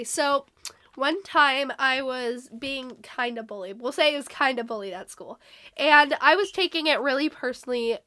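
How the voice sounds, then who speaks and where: A woman's voice: sits high, bright, forceful tone, no room sound. A teenage girl hosting a casual faith podcast, earnestly telling a personal story and reading scripture aloud. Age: teens. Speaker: podcast host.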